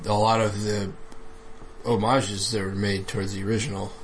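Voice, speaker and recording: A man co-hosting a casual movie commentary, laid-back and quick to laugh. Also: on the low side, level tone, a little hiss or hum. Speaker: podcast co-host.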